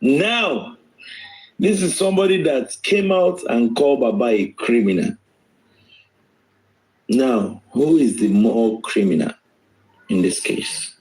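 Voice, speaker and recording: A man's voice: mid-range voice, animated, slow pace, pauses often, a little mellow, poor audio. A man speaking emphatically on a live stream, repeating phrases, his voice swinging sharply up and down. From Nigeria. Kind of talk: impassioned live-stream talk.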